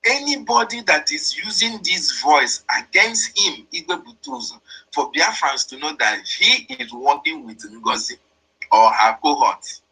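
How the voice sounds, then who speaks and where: A man's voice: fairly high pitch, big pitch swings, measured pace, sharp tone, breathy edge, rough recording. A man, explaining and interpreting a played voice message in a repetitive, emphatic way. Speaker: commentator.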